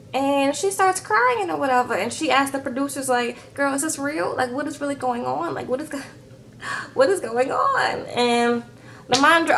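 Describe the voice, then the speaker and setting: A woman recapping a reality show in a chatty, animated way, talking straight to her viewers. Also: a little high, a little hiss or hum. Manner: animated, chatty, keeps calling viewers "girl". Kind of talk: casual chat recap.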